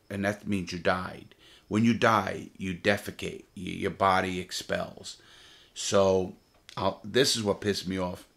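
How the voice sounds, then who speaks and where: A middle-aged man with a low voice tells a story from his time in prison. He speaks bluntly and profanely, in a loose, casual way. He hammers his points home by repeating them. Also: vocal fry, a bit bright. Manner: blunt, profane, emphatic retelling with repeated phrases.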